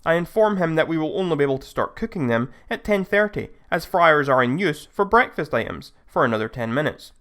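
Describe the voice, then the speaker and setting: A man's voice: on the high side, lively intonation, fairly quick, hardly any pauses, a bit bright. Man reading online stories aloud. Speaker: story narrator. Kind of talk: scripted narration of online stories.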